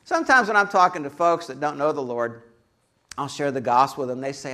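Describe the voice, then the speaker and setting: A man preaching a sermon as a pastor, an animated storyteller who acts out quoted voices and adds humorous asides. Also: mid-range voice, a little fast.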